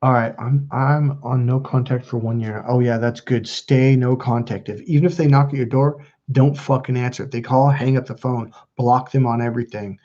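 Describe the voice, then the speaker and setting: A man's voice: mid-range voice, fairly even intonation, normal speed, hardly any pauses, a little mellow. Swearing emphatic man, dull lo-fi sound. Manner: swears freely, restarts sentences, emphatic. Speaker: self-help channel host. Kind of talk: casual livestream talk.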